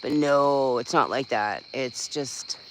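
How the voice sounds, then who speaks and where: A man's voice: mid-range voice, slow, background noise. A man chatting casually on a livestream, venting bluntly, swearing freely and rambling with lots of fillers. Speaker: livestream host. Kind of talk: casual live-stream chat.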